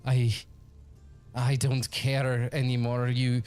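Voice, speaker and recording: A man voicing a gaunt, sickly, cursed and grieving man in a tabletop game, in halting, broken, pleading speech. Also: mid-range voice, completely flat delivery, a little mellow, smooth, faint music behind, pitched above the performer's own voice, close to an everyday voice. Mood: anguished.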